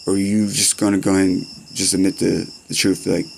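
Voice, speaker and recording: A man's voice: deep voice, flat delivery, a little fast, gravelly, a little mellow, slight background noise. A young man in rambling, profane comedy-skit banter, full of slang and back-and-forth.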